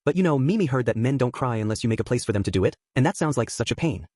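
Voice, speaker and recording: A man's voice: medium pitch, lively intonation, rapid-fire, a little mellow, no echo, studio quality, lightly acted. A man voicing a cheerful, playful little beast-girl who teases and talks about herself in the third person, reading an audiobook. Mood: teasing. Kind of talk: audiobook character voice.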